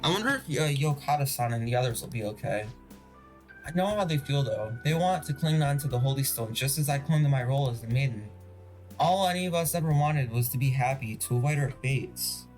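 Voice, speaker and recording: Picture an earnest young woman fortune teller from a game, gentle and insistent as she urges people to find their own strength. A man reads her lines in his own mid-range voice. Faint game music plays beneath. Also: mid-range voice, lively intonation, fairly quick, lightly acted. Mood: reflective. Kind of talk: voiced reading of game dialogue.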